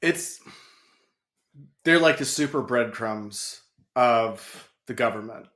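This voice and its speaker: A man's voice: mid-range voice, slow pace, fairly bright tone, reverberant. A man guesting on a podcast, chatting casually and telling anecdotes. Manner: chatty, storytelling, laughs often.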